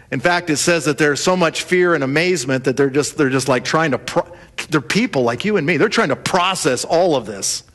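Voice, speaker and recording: A man preaching a sermon, telling the story in a lively way and acting out the voices of the people in it. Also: high-pitched. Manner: animated storytelling, acts out voices of the disciples. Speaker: pastor.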